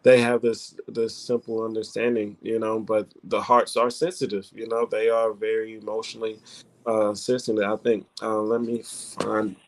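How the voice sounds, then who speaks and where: Casting: man with a gravelly edge, casual panel talk, hesitant, full of restarts. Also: on the low side, little pitch movement, slight background noise. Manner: halting, many fillers and restarts. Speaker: panelist discussing card readings. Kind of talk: casual group chat.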